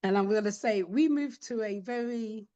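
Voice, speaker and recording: A woman's voice: mid-range voice, moderate pace, mellow, highs cut off. A woman, a podcast guest telling stories in a casual chat and acting out the voices of the people she quotes. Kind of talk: casual storytelling interview.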